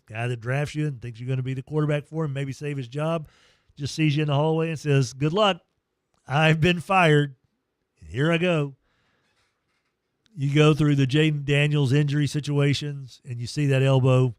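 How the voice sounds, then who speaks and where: A man's voice: on the high side, level tone, fairly quick, darkish tone, clean tone, dry recording, studio quality. A man hosting a sports talk show, telling stories in a casual way, acting out quotes and reading sponsor spots. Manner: reads live sponsor reads. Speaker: sports radio host.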